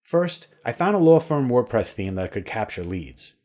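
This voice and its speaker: Lively-pitched man reading a sales pitch. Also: moderate pace. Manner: upbeat promotional delivery. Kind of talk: scripted sales webinar voice-over.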